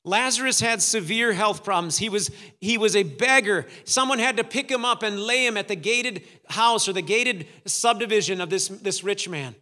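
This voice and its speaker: A man's voice: sits high, normal speed, few pauses, sharp tone, in a large hall. A man preaching a sermon, dramatic, acting out the voices of the story's figures. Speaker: pastor.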